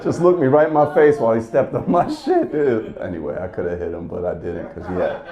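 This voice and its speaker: A man's voice: lowish voice, lively intonation, brisk, a crowd in the background. A man doing stand-up comedy, telling a story as a profane, exasperated rant.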